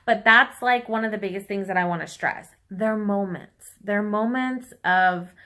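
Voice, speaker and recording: A young woman speaks straight to her viewers, candid and heartfelt. Her voice is bright and forward, sitting in an ordinary middle register. At times she sounds close to tears. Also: mid-range voice, moderate pace. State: tearful at times. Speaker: vlogger. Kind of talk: emotional personal vlog.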